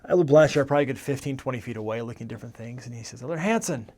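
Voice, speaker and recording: Speaking very fast in a steady, slightly mellow tone, a forties-aged American man recounts his years as a missionary and the rest of his life. The telling is conversational and wandering, full of self-corrections, and his pitch stays medium.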